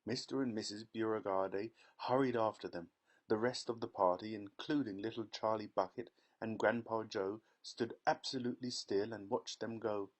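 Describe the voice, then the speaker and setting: A man reading a children's novel aloud as an audiobook narrator, in measured storytelling. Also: lowish voice, fairly even intonation.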